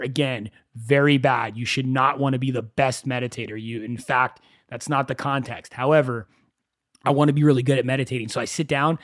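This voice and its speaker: A man hosting a solo podcast, talking in a conversational, animated storytelling way with self-mocking asides. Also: mid-range voice, fairly quick, dry recording, clean studio sound. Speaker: podcast host.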